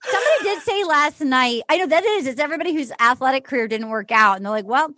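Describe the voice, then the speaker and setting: A woman in her thirties hosting a comedy podcast over a remote call, excitable and profane, jumping into bits. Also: high-pitched, fast talker, a loud crowd. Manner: excitable, profane, jumps into impressions. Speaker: podcast host. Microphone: remote call mic.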